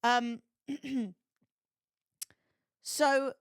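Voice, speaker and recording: A woman's voice: sits high, fairly even intonation, drawn-out words, clear, resonant tone, no room sound, studio quality. A young woman streaming, retelling gossip in a sweary, chatty way. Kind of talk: casual livestream chat.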